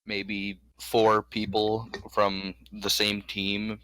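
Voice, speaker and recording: Laid-back young man with a bright lowish voice. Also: monotone, drawn-out words, no room sound, rough recording. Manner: joking, laid-back, hesitant. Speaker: podcast guest. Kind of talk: casual podcast chat.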